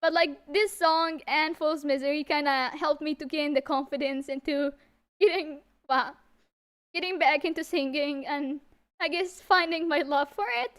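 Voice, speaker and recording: A woman's voice: high voice, normal speed, fairly bright tone. A woman VTuber singer on a live stream, tearful and stammering. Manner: stammering, laughing, reading chat aloud. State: tearful, on the verge of crying. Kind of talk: emotional live-stream chat.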